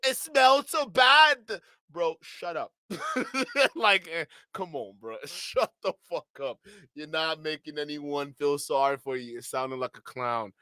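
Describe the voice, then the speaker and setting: A man's voice: on the high side, a little slow, pushed and bright, smooth, no room sound. A man giving sarcastic, mocking reaction commentary on another streamer, laughing often and stretching out his slang.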